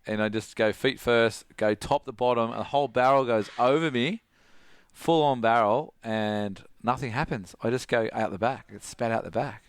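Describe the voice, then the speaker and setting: A man's voice: medium pitch, moderate pace, clean tone, no room sound. A middle-aged Australian man, a surf coach, animatedly telling stories as a podcast guest and acting out his friends' voices. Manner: animated, acts out friends' voices, laughs often. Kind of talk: casual storytelling.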